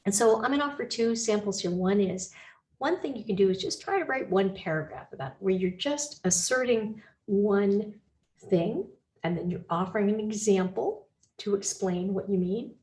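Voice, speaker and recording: In a recorded lecture, a woman instructor talks through her slides at a normal pace and medium pitch. She thinks aloud with small restarts and gently reassures her students.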